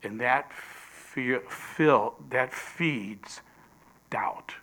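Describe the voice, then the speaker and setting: A male preacher delivers a sermon at an unhurried pace, with a bright and fairly high voice. He swings between loud emphatic phrases and hushed, whispered lines. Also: expressive.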